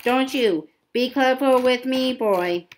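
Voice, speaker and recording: A woman's voice: high voice, takes it slowly, slight background noise. A woman voicing a furious, bullying middle-aged uncle as she reads a novel aloud, stumbling and repeating words. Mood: angry.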